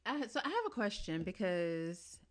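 A woman's voice: on the low side, sing-song, normal speed. A woman hosting a podcast, chatting casually with friends, laughing often and restarting her sentences. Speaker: podcast host. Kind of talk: casual chat.

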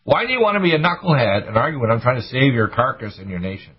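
Male talk radio host, husky voice, fervent preachy ranter, muffled audio. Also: sing-song. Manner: preachy, urgent, rapid rants with sudden high bursts.

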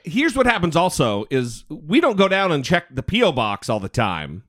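A man's voice: a little high, normal speed. A man co-hosting a casual podcast, joking and swearing freely. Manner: profane, joking, animated. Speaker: podcast co-host.

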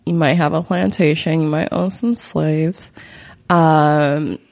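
A woman's voice: sits low, fairly even intonation, slow pace, gravelly, a little mellow. A woman co-hosting a podcast, explaining history in a rambling casual chat with many fillers and frequent laughter. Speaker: podcast co-host.

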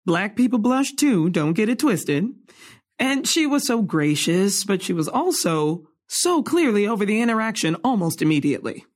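A self-deprecating playwright, voiced by a woman, trails off and laughs nervously in a modern drama. Her mid-pitched voice swoops widely, hesitant and polite. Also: big pitch swings, moderate pace. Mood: awkward. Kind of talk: contemporary stage drama dialogue.

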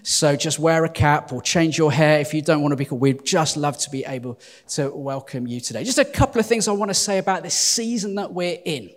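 A church leader speaks to his congregation with lively, self-deprecating humour. His voice sits a little high for a man. The sound rings out with the long reverb of a large church hall. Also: a little fast. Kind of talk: sermon announcements to a congregation.

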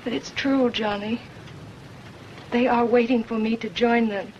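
A woman's voice: on the high side, fairly even intonation, measured pace, a little hiss or hum. An actress playing a troubled, fearful young woman in an old film clip, speaking in a pleading way. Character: young woman, fearful and sad, believes herself cursed. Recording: dull old film soundtrack with music.

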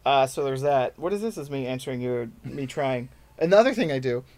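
A man's voice: mid-range voice, lively intonation, a little fast, darkish tone. A man in his thirties, a stand-up comedian chatting as a podcast guest, telling rambling, self-deprecating stories. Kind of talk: casual podcast chat.

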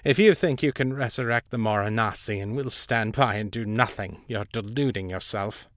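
A man's voice: lowish voice, normal speed, a bit bright, no echo, studio quality, natural voice. A man voicing a defiant young holy warrior who scoffs.

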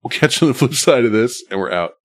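A man's voice: medium pitch, expressive, fast. A man hosting a podcast, telling a story in a loose, rambling way with plenty of fillers and the odd curse word. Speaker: podcast host. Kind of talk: casual chat.

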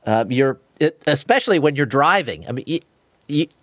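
Male podcast host, slightly higher pitch, halting questioner, dry recording. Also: lively intonation, no room sound. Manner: halting, repeats words while forming questions. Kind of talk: casual interview.

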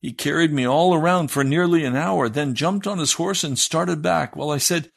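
A man's voice: fairly high pitch, moderate pace, gravelly, hardly any pauses, a bit bright, husky. A man, a pastor, reading a story aloud in a sermon, raising his voice for the quoted lines.

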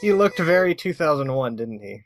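A man's voice: fairly high pitch, very animated, normal speed, soft background music. A man co-hosting a podcast in casual chat, laid-back and dry-humored. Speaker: podcast co-host.

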